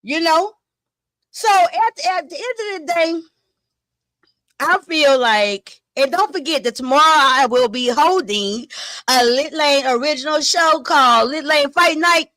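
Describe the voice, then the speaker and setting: A high-pitched YouTube commentary host chatters loosely and animatedly on a casual live stream, unhurried and swearing freely as she retells online drama with dramatic flair, gasps and laughs. Her voice sounds close and dry, with no echo and little room around it.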